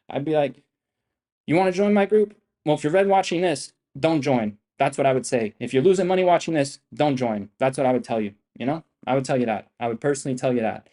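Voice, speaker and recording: A man's voice: mid-range voice, dark tone. A young man trading on a livestream, talking in a brash, profane, rambling and repetitive way. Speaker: livestream trader. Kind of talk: boastful livestream chat.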